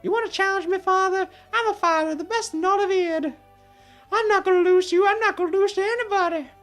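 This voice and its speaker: A woman's voice: very high-pitched, fast, fairly bright tone, faint music behind, pitched above the performer's own voice. A woman voicing an eager, boastful young male warrior in a video game. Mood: defiant. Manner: earnest, boastful.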